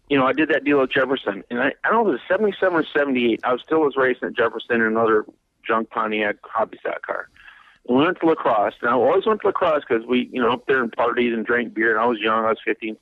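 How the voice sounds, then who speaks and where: Gravelly man in his 50s spinning yarns. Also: mid-range voice, dry recording, highs cut off. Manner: rambling, laughing, repeats words when excited. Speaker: race car driver guest. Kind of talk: animated storytelling in a radio interview.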